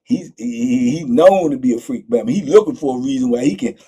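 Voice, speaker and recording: A man hosting a channel, telling prison stories in an animated, slang-heavy way, full of excitable asides. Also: medium pitch, a little fast, husky. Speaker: storyteller host.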